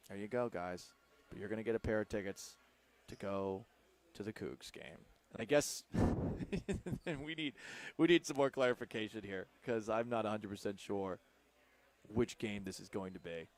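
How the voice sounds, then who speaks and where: A man's voice: fairly low pitch, a little mellow. A man from Texas hosting sports talk radio, reading promos and taking listener questions in a playful, rambling, self-mocking way. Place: radio studio. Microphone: studio microphone.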